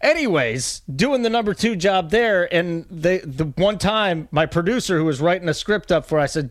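A man's voice: sits high, expressive, moderate pace, few pauses, no echo, clean studio sound. A man in his forties talking fantasy football as a radio guest, chatty and rambling, poking fun at himself. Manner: chatty, self-deprecating, rambling. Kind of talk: casual sports radio banter.

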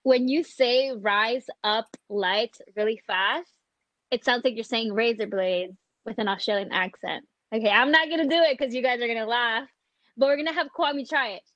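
A woman's voice: fairly high pitch, moderate pace, a bit bright, no echo, dull audio. Chatty American woman on a video call. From United States. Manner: chatty, laughs often, many ums. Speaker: meeting co-host. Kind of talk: casual video-call chat.

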